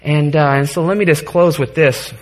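A man's voice: on the high side, fairly even intonation, normal speed. A man in his thirties preaching a sermon to his congregation in a church, earnest, joking at times and getting choked up. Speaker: pastor.

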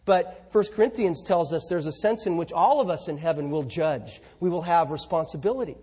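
Husky high-voiced male preacher. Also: fairly quick. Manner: emphatic, rhetorical questions, swings between loud and soft. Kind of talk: sermon.

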